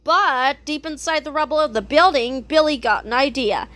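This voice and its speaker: A woman reading a children's comic book aloud in an animated way, speaking the sound effects too. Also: high voice, moderate pace, hardly any pauses. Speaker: read-aloud narrator.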